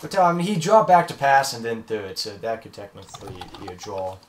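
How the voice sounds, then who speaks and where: A man's voice: medium pitch, sing-song, quick pace, noisy background. A man calls a video game football match in a casual tone. He keeps track of the clock and talks through his rulings at length. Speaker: league referee and commentator.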